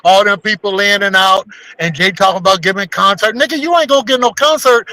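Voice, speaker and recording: A man's voice: high voice, a little fast, sharp tone, dry recording, rough recording. A man trading brash, profane, ranting banter as a regular on a morning talk show. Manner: brash and ranting, heavy swearing.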